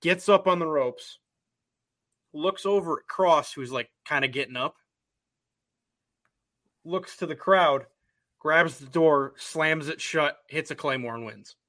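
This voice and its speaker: Bright-voiced man telling it animated. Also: fairly high pitch, slow, long pauses. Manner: animated storyteller, playful. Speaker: podcast co-host. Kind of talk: casual wrestling chat.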